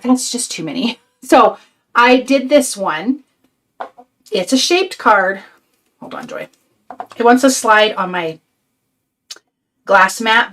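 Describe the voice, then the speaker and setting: An older woman hosting a casual live craft stream, chatty and sweet, sounding tired and a bit out of breath. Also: on the high side. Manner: chatty, reads out viewer comments, sweet and upbeat. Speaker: craft channel host.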